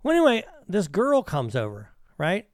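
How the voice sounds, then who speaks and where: Animated, lively-pitched man telling a story. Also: normal speed, no room sound, clean studio sound. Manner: animated, profane storyteller, laughs often. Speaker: podcast co-host. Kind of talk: casual storytelling chat.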